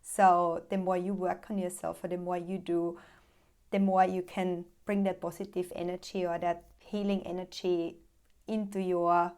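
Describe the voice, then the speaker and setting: A woman's voice: fairly low pitch, flat delivery, moderate pace, darkish tone, smooth. A woman hosting a podcast, reflecting in long, flowing thoughts during a conversational interview. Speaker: podcast host.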